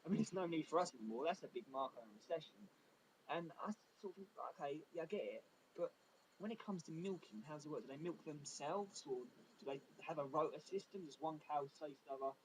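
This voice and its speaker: A man performing a stand-up comedy routine with deadpan, self-deprecating asides. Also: a little high, a little fast, slight background noise, poor audio.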